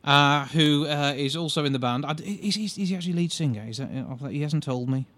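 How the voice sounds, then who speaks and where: Male podcast host, rapid casual talker, dry close sound. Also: a little high, fairly bright tone, no echo. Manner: chatty, quick with hesitant restarts. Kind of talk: casual interview chat.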